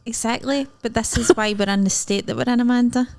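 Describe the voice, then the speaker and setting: A woman's voice: fairly high pitch, fast talker, a little mellow. A Scottish woman co-hosting a podcast, with a dry, teasing way of talking. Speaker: podcast co-host. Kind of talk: casual chat.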